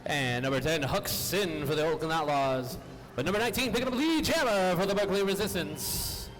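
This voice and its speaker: A man's voice: a little high, lively intonation, a little fast, fairly bright tone, poor audio. A man calling a roller derby bout live, trading jokey banter with his co-host. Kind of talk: live sports commentary.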